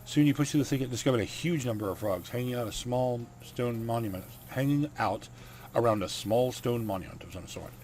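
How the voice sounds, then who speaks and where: A man's voice: medium pitch, brisk, a little mellow, a little hiss or hum. A man hosting a let's play, reading game text aloud with wry asides.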